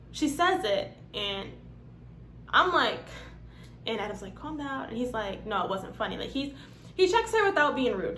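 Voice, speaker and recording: A young woman casually telling a personal story, acting out what others said in different voices and swearing freely. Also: on the high side. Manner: animated, acts out quotes in different voices, swears. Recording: echoey room, faint background hum.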